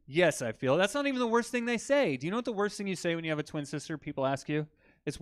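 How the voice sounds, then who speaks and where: A man doing a stand-up comedy set in a comedy club, telling crude jokes with deadpan delivery and bantering with the crowd. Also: high-pitched, very fast, smooth, dry recording.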